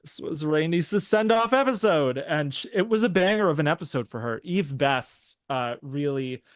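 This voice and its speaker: A man co-hosting a live review show, agreeable and eager, speaking in quick bursts with fillers. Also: fairly high pitch, animated, dry recording, studio quality. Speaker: podcast co-host. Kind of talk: casual review chat.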